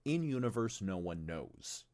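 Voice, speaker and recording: Deep-voiced man rambling on a livestream. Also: big pitch swings, a little slow, a little mellow. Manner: rambling and profane, with stumbles and asides to chat. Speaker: game designer presenting his tabletop game on stream. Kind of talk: casual livestream chat.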